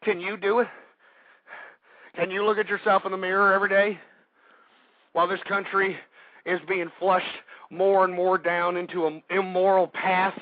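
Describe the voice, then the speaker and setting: A man hosting a talk radio show, delivering an angry ranting monologue that swings between yelling and low muttering. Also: level tone, normal speed, pauses often, dry recording. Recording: dry, tinny phone-like internet radio audio.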